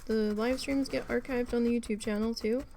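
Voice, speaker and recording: A woman hosting a craft livestream, casually telling a story with animated swearing while she works. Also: on the high side, moderate pace, a little hiss or hum. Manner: animated, profane, acts out quoted people.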